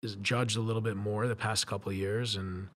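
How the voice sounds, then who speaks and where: A podcast guest with a somewhat low male voice. He talks in a relaxed, halting way and keeps restarting his thoughts. His sentences are padded with filler phrases. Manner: halting, fills his sentences with "you know". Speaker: podcast guest, bodybuilding competitor. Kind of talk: casual podcast chat.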